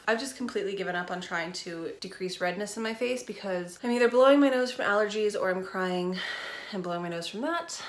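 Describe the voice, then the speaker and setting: A woman's voice: mid-range voice, reverberant. Tearful young woman, chatty vlog. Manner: candid, rambling, emotional. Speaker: vlogger. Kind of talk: casual chat.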